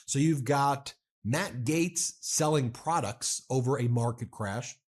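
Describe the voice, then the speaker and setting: A man tears into politics in a sarcastic, mocking commentary. His voice sits at an everyday middle pitch, and his jabs come quick and scornful. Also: darkish tone. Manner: sarcastic, mocking, does exaggerated impressions. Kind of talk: fast-paced political commentary rant.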